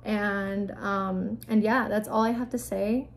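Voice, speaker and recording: A woman's voice: mid-range voice, steady tone, takes it slowly, gravelly. A young woman giving blunt, casual advice in a vlog, sprinkling her speech with "like" and swearing freely. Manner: blunt, frank, with frequent 'like' and profanity.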